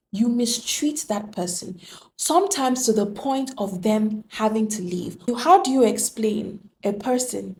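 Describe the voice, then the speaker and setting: A relationship speaker with a medium-pitched, gravelly, warm voice gives an earnest and emphatic motivational monologue about relationships. Her talk is full of rhetorical questions.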